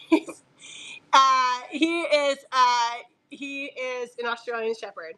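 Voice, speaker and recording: Woman host for a live fabric sale: high voice, unhurried delivery, chatty and jokey with lots of laughter. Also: steady tone, pushed and bright. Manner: chatty and joking, laughs often, talks aside to her dog. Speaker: fabric seller on a live auction stream. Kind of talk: casual live-stream selling.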